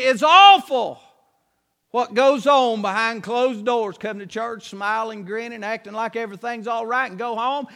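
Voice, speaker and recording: A man's voice: extremely high pitch, gravelly, sharp tone. A man preaching a sermon, telling a story in a folksy way and acting out its scenes.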